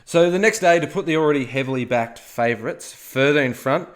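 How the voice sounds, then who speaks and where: Here a man with a slightly high, fairly quick voice co-hosts a history podcast. He narrates in a joking, playful way, full of asides and regular "okay?"s.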